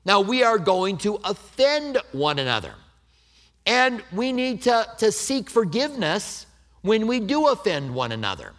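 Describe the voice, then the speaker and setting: A middle-aged pastor preaches in a relaxed, conversational way, slipping in bits of self-deprecating humor. His slightly high voice follows a very lively, swinging melody, and he speaks a little slowly. He shifts from warm explanation to light storytelling while keeping the sermon's thread.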